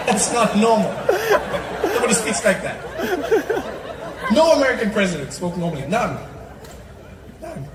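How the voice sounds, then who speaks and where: A man doing a stand-up comedy set, animated and slipping into mocking voice impressions. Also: high voice, moderate pace, long pauses, noisy background. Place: comedy stage before a live audience. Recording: roomy live recording with crowd laughter, from a distance.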